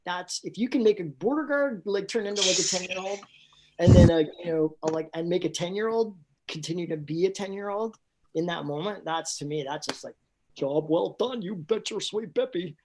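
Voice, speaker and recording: A man's voice: high voice, fairly quick. Man, from Canada, voice actor guest, rambling, enthusiastic, casual interview, faint background noise. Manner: rambling and enthusiastic, full of fillers and impressions.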